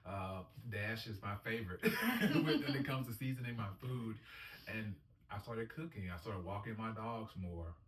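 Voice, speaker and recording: A man with a lowish voice tells his own story, earnest and upbeat, slipping into the voices of the people he quotes. He is caught on a mic set back from him in a roomy, echoey space, with a faint hum underneath. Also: measured pace, a bit bright, distant mic. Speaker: dialysis patient sharing his story. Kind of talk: casual personal storytelling.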